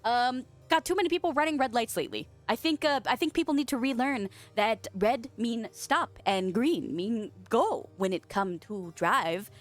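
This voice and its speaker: A young woman streamer chatting casually with her viewers, playful and giggly, swearing freely and yelping in a squeaky voice. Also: animated, normal speed, few pauses, faint music behind. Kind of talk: casual chat reading viewer messages. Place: home office.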